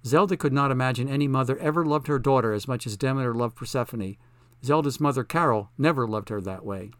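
A male audiobook narrator with a mid-range voice and a measured, plain delivery. The recording is dry and close, with no room sound. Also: mid-range voice, no room sound. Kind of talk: scripted narration.

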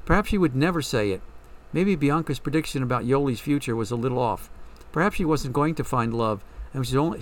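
A man's voice: mid-range voice, far from the mic. A man reading a story aloud in a reflective storytelling way. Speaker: narrator. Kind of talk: scripted story narration.

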